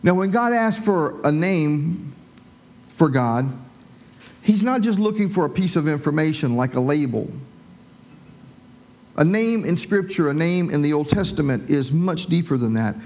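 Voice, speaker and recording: A pastor delivers his sermon in a relaxed, conversational storytelling manner and drops in homespun asides. His voice sits a little higher than most men's. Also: unhurried, long pauses.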